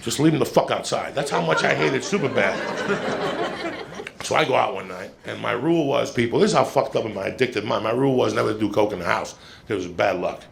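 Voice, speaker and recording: A man telling a long stand-up story, swearing constantly and rambling in an animated way, recorded at a live comedy show. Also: fairly low pitch, fairly quick, vocal fry, noisy background. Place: comedy club stage. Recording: live show with crowd laughing. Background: audience laughter.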